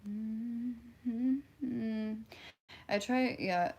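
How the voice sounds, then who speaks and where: A woman's voice: a little high, fairly even intonation, very slow, a little mellow. A woman with a Midwestern twang, casually chatting on a livestream and answering viewer comments in a blunt, offhand, profane way.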